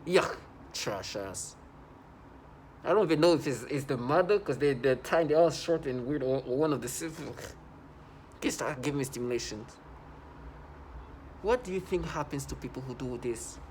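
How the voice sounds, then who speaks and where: A vlogger delivers a rambling personal monologue in a mid-range, slightly mellow voice with lively intonation, speaking at normal speed with frequent pauses. He sounds agitated, restarting and correcting himself often, over a faint hiss or hum.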